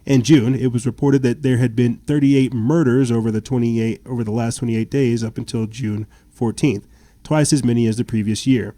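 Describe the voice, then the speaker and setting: A man's voice: medium pitch, fairly even intonation, normal speed, dark tone, no room sound. A man hosting a political commentary podcast, reading news reports aloud and adding sarcastic, indignant remarks with stammered restarts. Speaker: podcast host.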